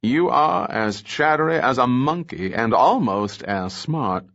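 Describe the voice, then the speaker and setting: A man's voice: medium pitch, expressive, measured pace, a bit bright, muffled recording, voice pushed up. A man voicing a cold, self-satisfied male villain who speaks in a languid, mannered way. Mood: menacing.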